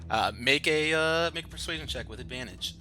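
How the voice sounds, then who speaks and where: A man's voice: on the high side, a little fast, pushed and bright. A man narrating a tabletop game as game master, talking in a loose, chatty way with many fillers. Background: background music.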